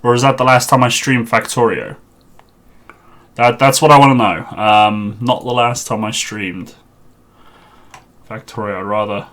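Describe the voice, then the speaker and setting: A man chats through a live game stream on a headset mic, his voice bright and forceful. He mutters along to himself as he fiddles with the setup, half to the viewers and half to the screen. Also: fairly low pitch, unhurried, pauses often. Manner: chatty, muttering to himself while sorting out a server.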